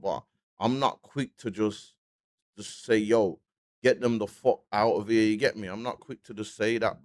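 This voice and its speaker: A man talks through his commentary in loose street slang, circling back and checking in with "you get me" every few lines. His voice sits fairly low, and the recording is close and dry with no room sound. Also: a little mellow, no room sound. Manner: slangy, keeps asking "you get me", frequent restarts. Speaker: online commentator. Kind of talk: casual commentary vlog.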